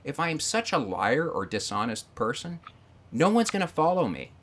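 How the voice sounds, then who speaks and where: A man in casual podcast chat, swearing often and telling animated stories with quoted voices. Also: on the high side, normal speed, a little hiss or hum. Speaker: podcast guest.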